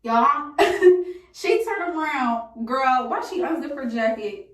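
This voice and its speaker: A young woman telling a college story in a casual, slangy, animated way, with frequent laughs. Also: sits high, takes it slowly. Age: young adult. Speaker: storytime vlogger. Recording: echoey room from a distance.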